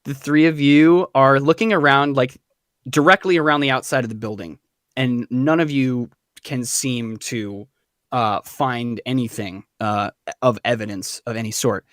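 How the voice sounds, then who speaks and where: A man's voice: mid-range voice, fairly even intonation, a little slow, fairly bright tone, no echo, studio quality. A man narrating as game master in a tabletop game, loose and full of fillers.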